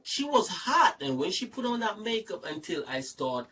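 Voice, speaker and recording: A man hosting a casual group talk, telling stories in an animated, rambling way, repeating words and acting out other people's lines. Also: sits high, normal speed, far from the mic, muffled recording, a little hiss or hum. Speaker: show host. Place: online video chat.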